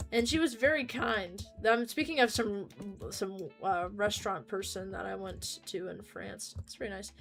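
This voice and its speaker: A woman's voice: on the high side, normal speed, few pauses, fairly bright tone, soft background music. A young American woman chatting casually on a livestream, rambling and joking and swearing freely.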